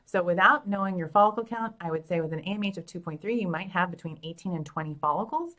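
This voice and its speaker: Chatty woman doctor with a lowish voice. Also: fast, a bit bright. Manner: chatty, upbeat, frank, laughs at herself. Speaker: fertility doctor answering viewer questions. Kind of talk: casual live Q&A chat. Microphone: phone.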